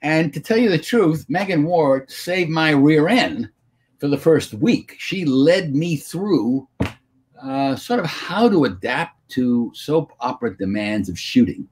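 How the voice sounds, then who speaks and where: An older man telling stories from his acting career as a guest in a video-call Q&A, in an animated, anecdotal way. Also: on the high side, takes it slowly, slightly rough. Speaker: guest actor.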